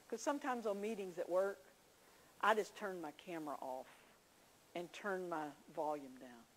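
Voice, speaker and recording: A woman's voice: lowish voice, normal speed, slight background noise, poor audio. A woman teaching a church class, telling homey stories with confiding asides. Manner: folksy storytelling, confiding asides.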